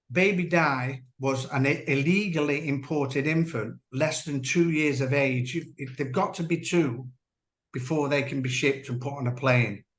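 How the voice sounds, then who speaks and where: A man, a former dolphin trainer, giving earnest personal testimony as an interview guest, measured and halting with restarts. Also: medium pitch, a bit bright. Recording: roomy echo.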